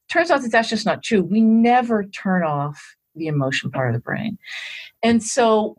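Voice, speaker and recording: A woman being interviewed as an expert, explaining ideas in an animated way and checking in with her listener as she goes. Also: mid-range voice, slightly rough. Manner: animated, explains step by step with "all right" check-ins. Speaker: guest expert on emotional intelligence.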